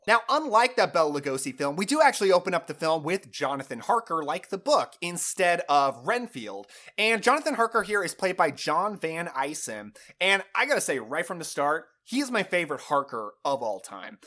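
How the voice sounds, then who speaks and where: Male film reviewer, lively pitch, fairly high voice, chatty enthusiasm, casual channel host.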